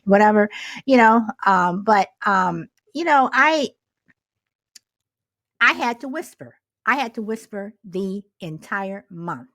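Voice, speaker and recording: A middle-aged woman co-hosting a casual talk show, telling stories in an animated, exasperated way with rhetorical questions. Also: mid-range voice, slow pace, dry recording. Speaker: podcast co-host. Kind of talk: casual chat.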